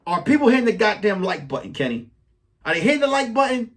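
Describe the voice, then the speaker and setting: Male podcast host, comic monologue, high and lively delivery, swears freely. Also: fast. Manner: animated storytelling, profane, riffs on a crew member. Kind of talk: casual comedic monologue.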